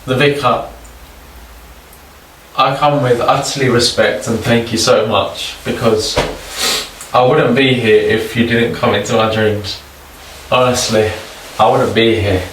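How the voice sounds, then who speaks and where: A man hunting ghosts at night in a haunted house, slowly asking the spirits questions and swearing in awe. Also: medium pitch, fairly even intonation, a bit bright, a little hiss or hum. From United Kingdom. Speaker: paranormal investigator. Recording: echoey room, mic at a distance.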